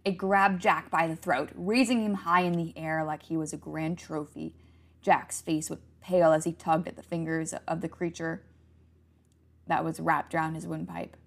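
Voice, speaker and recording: Low, gravelly woman storyteller, hushed horror narration. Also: flat delivery, moderate pace.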